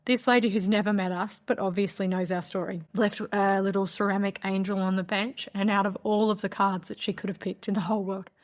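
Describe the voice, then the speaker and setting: A woman's voice: mid-range voice, fairly even intonation, fairly quick, few pauses. A woman hosting a podcast, telling a personal story in a candid, conversational way, with a lot of "like" and a heartfelt tone. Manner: candid, conversational, frequent "like" fillers. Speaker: podcast host.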